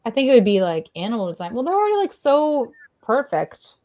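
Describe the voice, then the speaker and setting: A woman's voice: on the high side, big pitch swings, brisk, darkish tone. Casual bubbly woman co-host, playful voices for pets. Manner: bubbly, playfully acts out pets' thoughts in voices. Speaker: co-host of a pet healing livestream. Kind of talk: casual chat.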